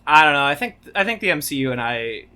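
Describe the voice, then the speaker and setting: Lively, bright-voiced man joking around. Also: fast talker, smooth. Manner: joking, with jumps into goofy high voices. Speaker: podcast co-host. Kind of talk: casual chat.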